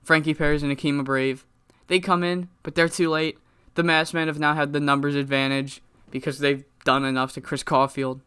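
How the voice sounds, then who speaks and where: A man's voice: a little high, little pitch movement, normal speed, few pauses, bright, forceful tone, smooth. A man giving casual video game commentary, rambling, cursing freely and correcting himself as he goes. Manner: rambling, profane, self-correcting.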